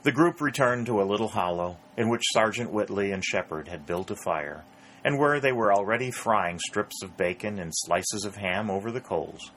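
A man narrating an audiobook in a steady, measured reading. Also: fairly low pitch, a little hiss or hum.

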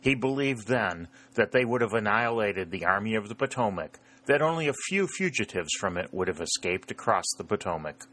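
Man reading a novel aloud, lowish voice, bright and forceful, steady pace. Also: fairly quick, few pauses. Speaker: narrator. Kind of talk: storybook narration.

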